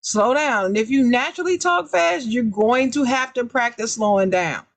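Loud, emphatic woman podcast host. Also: on the high side, dry recording. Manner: emphatic, repeats key words; deliberately raised, loud speaking voice. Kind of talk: casual advice chat.

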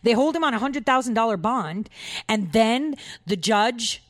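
A woman's voice: fairly high pitch, expressive, unhurried, no echo, clean studio sound. Chatty, giggly woman talk show host. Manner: chatty, giggly, full of "like" and "you know". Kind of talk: casual opinion monologue.

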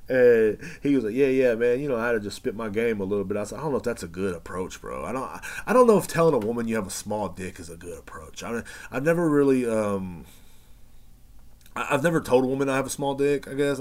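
Profane, rambling male podcast host. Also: medium pitch. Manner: profane, rambling, animated storyteller. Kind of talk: casual storytelling monologue.

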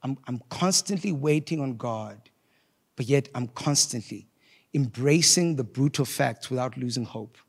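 A man preaching a sermon, swinging between loud, impassioned rises and quiet, reflective passages as he reads scripture. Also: medium pitch, a little slow, gravelly, husky, big-room sound. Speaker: pastor.

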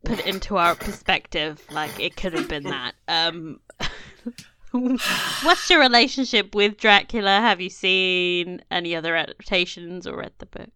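A woman's voice: on the low side, a little slow, bright, forceful tone, clean tone, no echo. A young woman co-hosting a podcast, reading history from notes and breaking into casual jokes and laughter. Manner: reads notes, then jokes and laughs easily. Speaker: podcast co-host. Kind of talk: casual chat mixed with read-out history.

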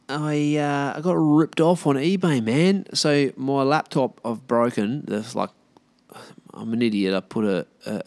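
A man's voice: lowish voice, no room sound. An Australian man hosting a podcast, chatting casually on his own in a blunt, sweary, rambling way. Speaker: podcast host. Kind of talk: casual solo podcast chat.

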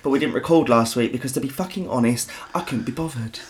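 A man's voice: mid-range voice, fast talker, crowd noise. A man, co-hosting a podcast in casual, sweary, rambling chat. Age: 30s. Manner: sweary, rambling and self-mocking. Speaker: podcast co-host.

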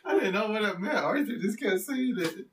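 A man's voice: high-pitched, animated, normal speed. A young man telling stories in a casual chat with friends, laughing often and swearing a lot. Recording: distant mic with faint noise.

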